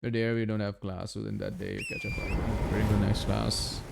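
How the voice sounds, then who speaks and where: Gravelly, laughing young man streaming. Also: on the low side, fairly quick. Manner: laughs often, swears freely, animated. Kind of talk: casual chat while speedrunning a game. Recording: noisy background.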